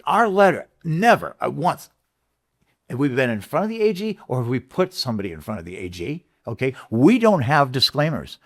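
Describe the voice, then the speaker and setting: Earnest man pitching his sales method. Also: sing-song, brisk. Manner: earnest, repeats himself, acts out sales letters. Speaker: guest, dealership marketing consultant. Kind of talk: casual interview talk.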